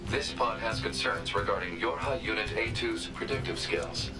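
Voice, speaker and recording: A man voicing a calm, analytical robotic support pod that speaks in flat, formal announcements. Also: deep voice, moderate pace, poor audio. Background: game music.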